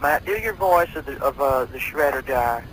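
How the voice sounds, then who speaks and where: A man's voice: mid-range voice, moderate pace, a bit bright, slight background noise, rough recording. A man playing a bumbling police officer on a prank call, trying to sort out a dispute. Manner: bumbling, mediating.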